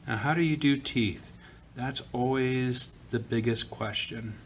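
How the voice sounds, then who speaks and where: A man of middling pitch talks through a drawing lesson in an easygoing way, thinking aloud with fillers while he sketches. A faint hiss of room noise sits under his voice, recorded at a school desk. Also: unhurried, fairly bright tone. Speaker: art teacher. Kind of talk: drawing tutorial narration. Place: school office.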